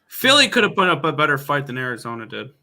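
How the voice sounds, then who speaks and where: Bright-voiced man chatting sports picks. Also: fairly high pitch, very animated, fast talker. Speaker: co-host handicapper. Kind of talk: casual sports betting chat.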